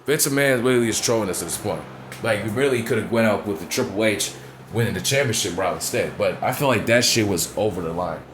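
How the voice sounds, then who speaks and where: A lowish, lively male voice, a little fast, sits over a faint hiss or hum. As a wrestling commentator vlogger, he rants bluntly and profanely in casual fashion, regularly asking if you know what he's saying.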